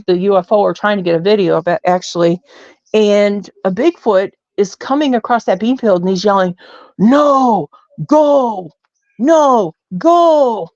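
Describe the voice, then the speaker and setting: A woman's voice: mid-range voice, a little mellow, no echo. Woman, casual storyteller, rambling, many fillers, dry close sound, muffled lo-fi line. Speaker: guest. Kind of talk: casual storytelling on a call-in show.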